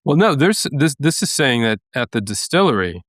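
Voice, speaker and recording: A man co-hosting a podcast, speaking in a middle pitch and patiently laying out details, a little pedantic about getting them right. The recording is dry and close. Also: big pitch swings, moderate pace, a bit bright, no echo. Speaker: podcast co-host. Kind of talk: casual chat.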